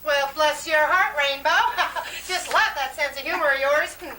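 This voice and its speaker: A woman's voice: sits high, moderate pace, pushed and bright. A woman playing a brassy, social-climbing middle-aged mother who gushes and calls everyone honey. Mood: gushing. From West Texas. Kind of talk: radio-style comedy drama. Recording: roomy, distant mic, faint noise.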